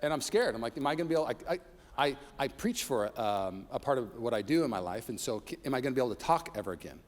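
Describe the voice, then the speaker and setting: Male pastor, sermon, mid-pitched voice, long hall reverb, church sanctuary. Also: big pitch swings, fast. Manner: preaches with rising intensity, tells personal stories with humor.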